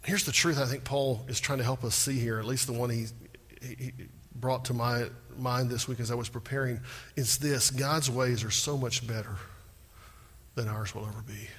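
A pastor preaching a sermon with animated delivery, acting out prayers in a rising voice. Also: male voice, medium pitch, moderate pace, breathy edge, in a large hall.

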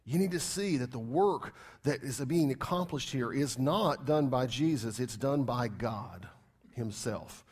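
A man's voice: medium pitch, expressive, a little slow, a little mellow, breathy edge. A man preaching a sermon as pastor, emphatic, repeating key phrases and firing rhetorical questions at the congregation.

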